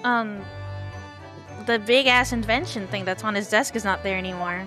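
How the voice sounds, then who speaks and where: A woman's voice: medium pitch, moderate pace, pushed and bright. Playful woman streamer over game music. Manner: playful, joking asides. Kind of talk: casual let's-play commentary. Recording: game music clearly heard behind.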